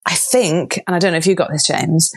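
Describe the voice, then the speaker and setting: A woman's voice: lowish voice, fairly even intonation, a little fast, husky. A woman from Wales retelling an old legend on a podcast, laughing often and slipping into playful quoted voices. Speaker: guest storyteller.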